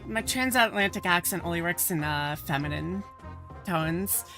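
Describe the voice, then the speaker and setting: A woman chatting casually while playing a game with friends, relaxed and self-mocking. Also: fairly low pitch, moderate pace, faint music behind. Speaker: game streamer. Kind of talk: casual let's-play chat.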